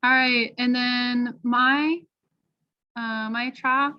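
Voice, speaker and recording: A woman's voice: on the high side, fairly even intonation, extremely slow. Encouraging American woman teaching pronunciation. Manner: encouraging, explains clearly with examples. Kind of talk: online workshop teaching. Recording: dull lo-fi video call audio.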